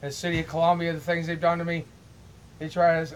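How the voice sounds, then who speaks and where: Middle-aged man vlogging from his home: high, monotone, aggrieved, restarting his sentences as he goes. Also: fast, smooth, poor audio. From Illinois, US. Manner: repeats words, restarts, aggrieved. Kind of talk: rambling monologue to camera.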